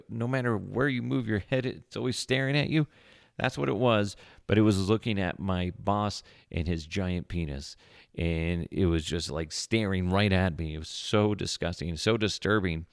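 A man hosting a podcast with a low, gravelly voice full of vocal fry. He rambles through stories with crude jokes and plenty of fillers. The sound is dry and close to the mic. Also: normal speed, dry recording. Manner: jokey, rambling, crude humor, frequent fillers. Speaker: podcast host. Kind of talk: casual rambling storytelling monologue.

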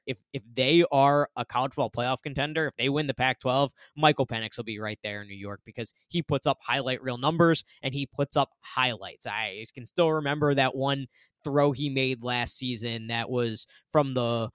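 A male podcast host talks through his betting picks in an easy, conversational way. His voice is smooth and resonant, at a middling pitch. The sound is dry and close to the mic. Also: a bit bright, dry recording. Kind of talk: casual sports betting chat.

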